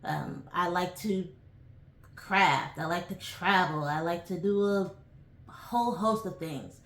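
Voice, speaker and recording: A woman's voice: lowish voice, slow pace. A woman in her forties from New York, chatting casually to camera as host of her own channel, rambling with lots of ums and asides. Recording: echoey room.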